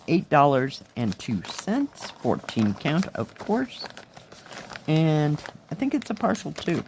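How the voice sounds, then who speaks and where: A woman with a hoarse, fading voice, chatting casually through a craft kit review, admiring the pieces and counting aloud as she goes. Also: sits low, a little mellow, a little hiss or hum. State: hoarse, losing her voice. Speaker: cross-stitch vlogger.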